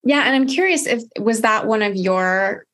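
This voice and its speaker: A woman hosting a podcast, talking in an animated, emphatic way and using "like" often. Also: a little high, moderate pace. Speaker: podcast host. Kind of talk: casual conversation.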